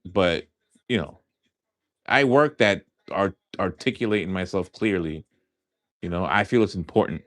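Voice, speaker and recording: A man in his thirties with a light New York accent talks loosely to his stream viewers. He circles back and repeats words, leaning on fillers. His voice sits very low and sounds close and dry. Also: unhurried, pauses often, a bit bright, no echo. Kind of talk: casual live-stream chat.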